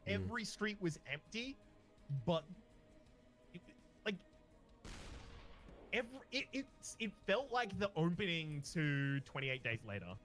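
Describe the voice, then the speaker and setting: A man hosting a casual gaming chat, telling stories in an animated, rambling way. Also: high-pitched, a little slow, pauses often, soft background music. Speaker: host.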